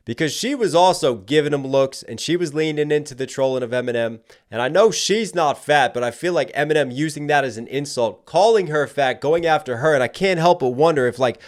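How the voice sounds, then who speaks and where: A man, a rapper, giving music reaction commentary, analytical and emphatic as he makes his points. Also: medium pitch. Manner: analytical, talks with lots of "like" fillers; gets emphatic when making a point.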